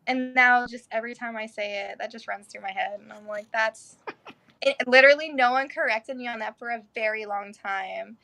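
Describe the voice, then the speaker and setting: A woman talking as a guest on a casual podcast, with a fairly high voice. She is chatty and quick to laugh, with the odd mild curse. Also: vocal fry, pushed and bright. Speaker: interview guest. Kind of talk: casual interview chat.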